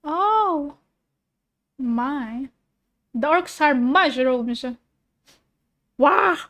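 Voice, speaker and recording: A woman's voice: sits high, animated, extremely slow, a bit bright. A woman streaming as a vtuber, reacting to a video in a playful, goofy, casual chat.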